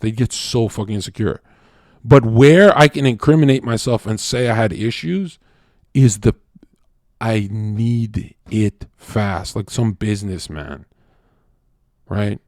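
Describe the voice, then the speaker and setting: A man livestreaming talks casually in a monologue, blunt, crude and full of profanity. He rambles with plenty of fillers, veering between loud outbursts and quiet mutters at an unhurried pace. The recording is dry and of studio quality.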